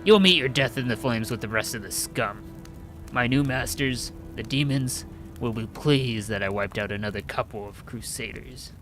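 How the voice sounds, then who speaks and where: A man's voice: mid-range voice, expressive, normal speed, over music, lightly acted. A man voicing a ruthless, fanatical male crusader who is secretly a traitor, bellowing and gloating as he reads the game's lines aloud.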